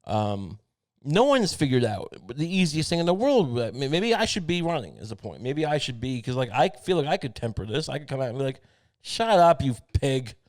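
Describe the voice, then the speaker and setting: A man's voice: mid-range voice, big pitch swings, brisk, a little mellow, no echo. Podcast guy going off, swears a lot, keeps restarting his sentences, dry close sound with no room around it. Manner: profane, rambling, many restarts. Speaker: podcast host. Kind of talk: casual comedic rant.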